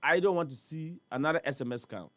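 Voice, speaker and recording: A man's voice: fairly high pitch, fast talker, no echo. A man with a Ghanaian accent, speaking as a studio guest on a morning talk show, emphatic and repetitive, full of rhetorical questions. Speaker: studio guest on port trade. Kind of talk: animated talk-show discussion.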